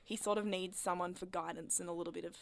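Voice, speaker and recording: A woman's voice: on the low side, steady tone, quick pace, vocal fry. A woman co-hosting a casual sports chat show, chatty, and she wraps up the show. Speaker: producer and co-host.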